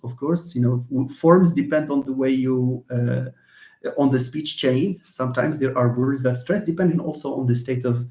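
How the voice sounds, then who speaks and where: A man giving a live online English lesson, hesitant with many fillers and restarts, lively when stressing examples. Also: medium pitch. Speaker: English lecturer. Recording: echoey room.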